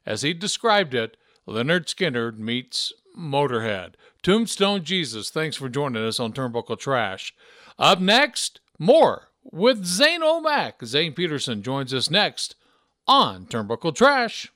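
A man's voice: mid-range voice, sing-song, unhurried, sharp tone, no echo, studio quality. A man from Memphis co-hosting a podcast in casual chat, a chatty storyteller who laughs easily. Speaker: podcast co-host.

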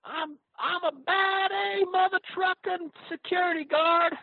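A man's voice: extremely high pitch, steady tone, unhurried, vocal fry, no room sound, voice pushed up, full character voice. A man voicing a brash male security guard in a put-on Southern accent, boasting and stammering. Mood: boastful. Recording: phone-like line.

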